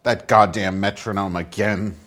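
A man's voice: fairly low pitch, steady tone, unhurried, a bit bright. A man voicing a cranky, foul-mouthed middle-aged woman who hosts a podcast and grumbles through profane, rambling rants in a comic monologue. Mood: grumpy. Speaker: podcast host.

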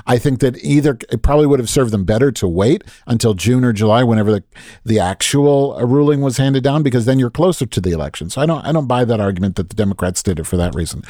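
A man's voice: medium pitch, mellow, no echo. Brief: podcast co-host, male, fired up and swearing, dry close mic. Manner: heated, profane political rant. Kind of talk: casual podcast chat.

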